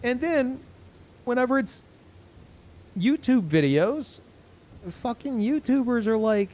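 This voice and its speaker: A young man streaming games, tired and low on energy, rambling in casual chat with lots of swearing, ums and restarts. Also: sing-song, slow pace, pauses often, a little hiss or hum. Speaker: game streamer.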